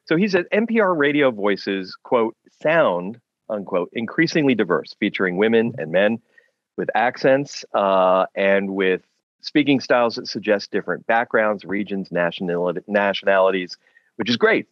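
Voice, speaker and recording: A man's voice: fairly low pitch, expressive, moderate pace, dry recording, highs cut off. A man hosting a radio webinar interview, asking questions with many hesitations. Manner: hesitant, filler-heavy questions. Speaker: radio host.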